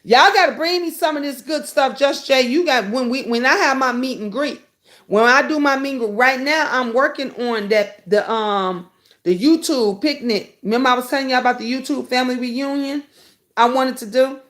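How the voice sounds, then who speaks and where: A middle-aged woman hosting a casual live stream, chatting with viewers by name and breaking into high, excited bursts. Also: normal speed. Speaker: livestream host.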